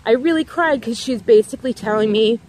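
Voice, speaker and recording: A woman's voice: fairly high pitch, brisk, darkish tone, slight background noise. A woman vlogger in a casual, rambling chat, talking outdoors near her home and repeating herself with lots of "like"s.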